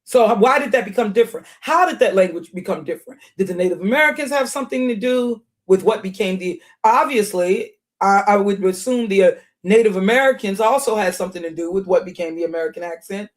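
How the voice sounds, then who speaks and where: Speaking fast with barely any pauses, a woman with a mid-range voice hosts a casual commentary video. She thinks out loud, full of fillers and false starts, and now and then reads a search result from the screen.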